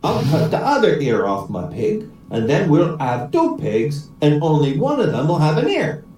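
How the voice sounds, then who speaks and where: A man's voice: on the high side, wildly swooping pitch, moderate pace, mellow, very echoey, recorded from a distance, a little hiss or hum, low-quality recording. A man doing a mild easygoing Irishman. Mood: placid. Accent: Irish, put on.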